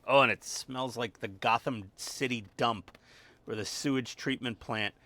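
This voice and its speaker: A man's voice: mid-range voice, a little slow, sharp tone. A man casually narrating step by step as he builds a model at his home workbench, with wry asides and muttered instructions. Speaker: hobby model-building channel host. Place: home workbench with a dog nearby.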